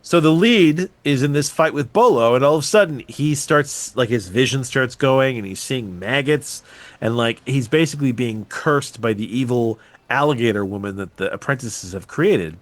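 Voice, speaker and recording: A man's voice: mid-range voice, normal speed, no room sound. A man on a podcast tells a film's plot with swearing and lots of enthusiasm. His voice swings widely up and down as he gets into the story. The sound is close and dry, with no room around it. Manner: animated, profane storytelling. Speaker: podcast host. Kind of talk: casual film recap.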